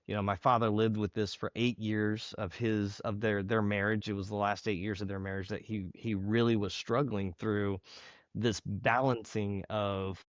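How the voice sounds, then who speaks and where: A man hosting a podcast interview, speaking earnestly and reflectively, with pauses. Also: lowish voice, flat delivery, no room sound. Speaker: podcast host. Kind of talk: interview conversation. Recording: dull, slightly lo-fi, dry.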